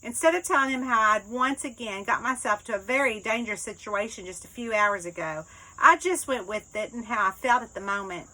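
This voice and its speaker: A woman author narrating her own novel in the first person, with lively, expressive storytelling. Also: a little high, a little fast, low-quality recording. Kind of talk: first-person book reading.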